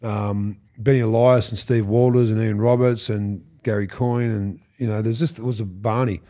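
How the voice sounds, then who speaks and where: A lowish, normal-paced voice belongs to an Australian man in his fifties, a former rugby league player guesting on a podcast. He tells stories in casual chat, acting out the people he quotes, swearing and laughing as he goes.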